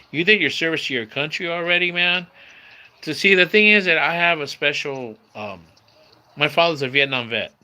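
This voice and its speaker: This time his voice is fairly high, with a moderate pace and sharp tone. The San Diego livestream host chats with viewers in a relaxed way from home near a screen door, addressing everyone as bro and dude.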